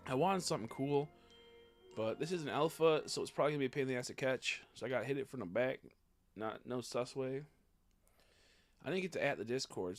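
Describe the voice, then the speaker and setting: A young man streaming a video game in casual chat, swearing a lot and swinging from low mumbles to loud frustrated outbursts. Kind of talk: casual gaming livestream chat.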